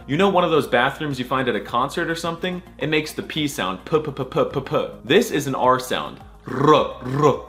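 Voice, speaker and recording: A young man voices a jokey, scripted language lesson in a fairly bright, higher-pitched voice. He plays it mock-serious, with sarcasm and crude humor throughout.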